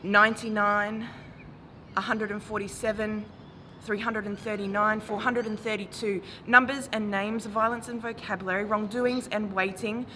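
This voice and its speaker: A woman in her forties performing a spoken word poem with a measured, grave delivery that rises to impassioned calls. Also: mid-range voice, little pitch movement, sharp tone. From Australia. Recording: noisy recording with traffic ambience.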